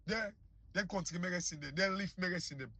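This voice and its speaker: A man's voice: high voice, fast talker, creaky, pushed and bright, slightly rough, no room sound. A man with a Sierra Leonean Krio accent giving heated, scornful political commentary that repeats itself. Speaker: online commentator.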